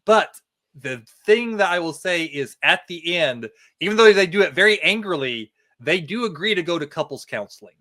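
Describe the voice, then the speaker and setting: A man talking as a podcast guest in casual chat, measured and thoughtful, with a few fillers. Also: high-pitched, animated, pushed and bright.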